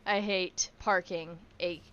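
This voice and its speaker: A woman's voice: lowish voice, fairly even intonation, takes it slowly, a bit bright, highs cut off, slight background noise. A woman streaming a survival game, chatting casually, swearing freely and cooing at her in-game animals. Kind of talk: casual gameplay commentary.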